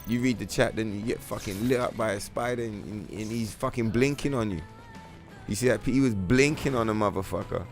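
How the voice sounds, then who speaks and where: A man's voice: on the low side, brisk, soft background music. A man streaming a game, rambling in a casual, profane, slang-heavy way. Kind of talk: casual livestream chat.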